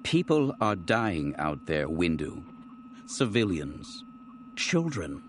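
A man voicing a small, plump male colonel with a thin, fragile voice that turns shrill. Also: sing-song, takes it slowly, a little hiss or hum, full character voice. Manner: nervous, rising to shrill outbursts.

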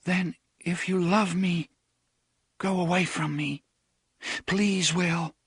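A man's voice: high-pitched, fairly even intonation, slow, fairly bright tone, breathy edge, dry recording, studio quality, pitched above the performer's own voice, heavily acted. A man doing a trembling young woman. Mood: pleading. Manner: trembling, pleading. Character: young woman, tearful and in love.

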